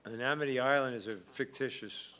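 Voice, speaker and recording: A man's voice: mid-range voice, a little fast, pushed and bright, clear, resonant tone. A man hosting a live trivia stream, reading out questions and answers and adding dry asides. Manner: wry, reads questions and adds asides. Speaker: trivia host.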